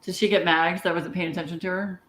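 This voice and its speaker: A woman's voice: lowish voice, little pitch movement, fast talker, fairly bright tone. A woman hosting a live video chat, blunt and joking, talking casually with her guests. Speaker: host. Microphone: video call. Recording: echoey room with faint background noise.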